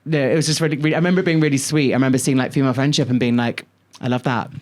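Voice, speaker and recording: Animated chatty male podcast host. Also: mid-range voice, rapid-fire. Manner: animated storytelling with swearing and stretched words. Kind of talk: casual chat.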